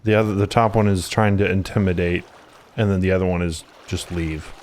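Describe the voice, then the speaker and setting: A man's voice: fairly even intonation, brisk, a little mellow, slight background noise. A man casually commenting on a game he is playing with a friend, joking around. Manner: joking, mimics characters in high voices. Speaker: let's play host.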